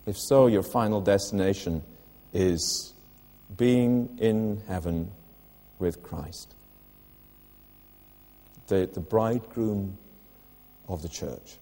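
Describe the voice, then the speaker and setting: A man's voice: on the low side, slow, long pauses, warm tone, long reverb tail. An older man preaching a sermon in church, earnest, putting direct questions to the listeners.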